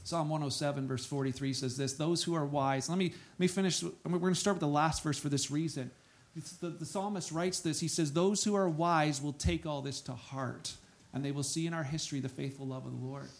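Lively man preaching a sermon. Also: on the high side, brisk. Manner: lively preaching, swings between soft asides and loud exclamations. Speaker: pastor. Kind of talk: sermon with scripture reading.

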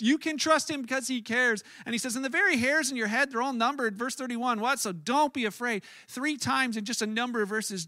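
A man's voice: very high-pitched, bright, forceful tone, no echo, studio quality. A man preaching a sermon in an earnest, conversational way, often restarting his words. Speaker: pastor.

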